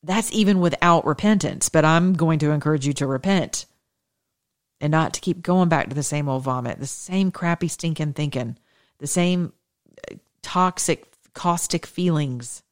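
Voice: mid-range voice, moderate pace. A show host giving an impassioned political and religious call to action, fervent and preachy, stacking emphatic repeated phrases.

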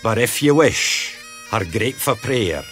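A Scottish reciter, played by a man, declaims old verse slowly and solemnly. Faint bagpipes play behind him. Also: fairly low pitch, lively intonation, fairly bright tone, faint music behind. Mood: declaiming. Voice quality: measured, declamatory.

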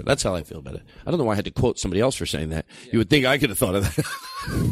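Rambling animated male radio host. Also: on the low side, rapid-fire, slightly rough, dry recording. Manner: rambling, laughing, lively storytelling. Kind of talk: casual comedic banter.

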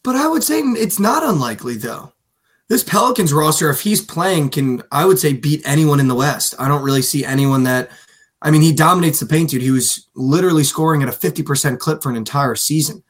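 A man co-hosting a sports podcast in casual, animated chat, swearing freely and mimicking players. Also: a little high, fairly quick. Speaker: podcast co-host.

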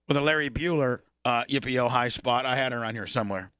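A man's voice: mid-range voice, a little fast, a bit bright, no echo. A male radio show host in crude, casual studio banter, brash and full of swearing. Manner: profane, brash, teasing.

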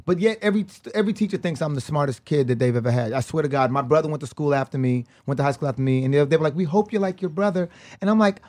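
A man's voice: medium pitch, expressive, racing, hardly any pauses, darkish tone, dry recording. A man guest on a podcast, telling stories casually, laughing often and acting out the voices of people he quotes. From United States. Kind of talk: casual storytelling.

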